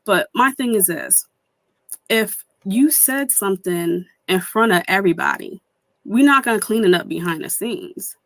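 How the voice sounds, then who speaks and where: A woman's voice: medium pitch, lively intonation, normal speed, dry recording. A young woman streamer giving heated commentary, indignant and swearing, mimicking people she quotes.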